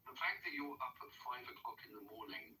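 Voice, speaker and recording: A man calling into a livestream, calmly lecturing and cutting down the host. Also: medium pitch, brisk. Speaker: caller. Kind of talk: heated livestream argument. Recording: distant faint noisy call audio.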